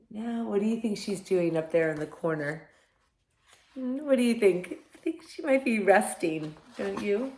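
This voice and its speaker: A woman, a kindergarten teacher, reading a picture book aloud to young children in an animated storytelling manner and inviting them to say lines along with her. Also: mid-range voice, a little slow. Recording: roomy echo.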